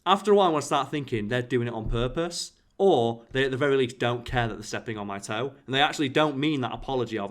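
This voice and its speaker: A man's voice: mid-range voice, expressive, fast, few pauses. A man hosting a casual podcast chat, explaining his points through everyday analogies and acting out short quoted exchanges. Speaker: podcast host. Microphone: podcast microphone.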